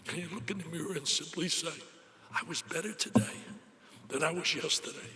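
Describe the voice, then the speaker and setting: A man's voice: a little high, brisk, sharp tone. An older man giving an emphatic, exclamatory motivational speech at a banquet. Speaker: after-dinner speaker. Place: banquet hall. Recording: echoey hall.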